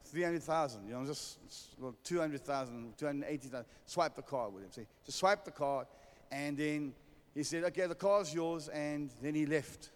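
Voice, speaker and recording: A man's voice: on the high side, normal speed, in a large hall. A man preaching a sermon, telling a humorous story and calling for amens. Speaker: pastor.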